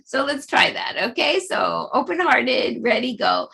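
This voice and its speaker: A middle-aged woman leads a laughter yoga session, bubbling with laughter and chanting. Her voice sits high and swings widely. She talks slowly, with a bright, slightly husky tone. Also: a little hiss or hum. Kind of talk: guided group exercise over video.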